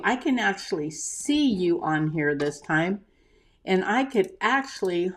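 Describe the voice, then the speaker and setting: An older woman hosts a relaxed live stream for her craft shop. She talks at an unhurried, slow pace in a chatty way, greeting viewers by name and answering their comments as they come in. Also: mid-range voice. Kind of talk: casual live-stream chat.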